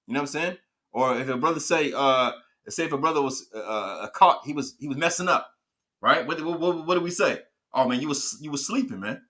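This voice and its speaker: A man's voice: a little high, expressive, brisk, pushed and bright. A man teaching a scripture class, often restarting his sentences and repeatedly asking if his listeners understand.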